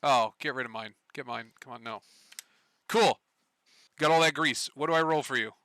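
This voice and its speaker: Bright-voiced joking game master man. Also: mid-range voice, moderate pace, no echo. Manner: laughing, swearing, loose and joking. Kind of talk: running a tabletop game, casual and profane.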